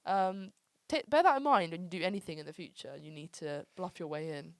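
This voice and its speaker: A woman's voice: lowish voice, a little fast, no room sound, studio quality. A woman from England in her twenties, hosting a casual chat and telling stories, full of "like" and "um". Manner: chatty storyteller, lots of "like" and "um". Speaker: podcast host.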